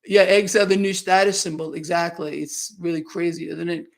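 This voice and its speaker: Man, market commentary livestream host, high voice with gravelly edges, sarcastic and emphatic. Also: fairly even intonation, normal speed. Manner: emphatic, sarcastic, conversational rants. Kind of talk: live-streamed market commentary with chat Q&A. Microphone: new microphone.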